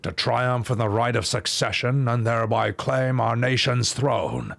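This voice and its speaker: Solemn two-headed lizard king, deep gravel, slow weighty lines, low pitch, faint game music. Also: expressive, a bit bright, no echo. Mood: commanding. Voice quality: deep gravelly movie-robot-hero voice.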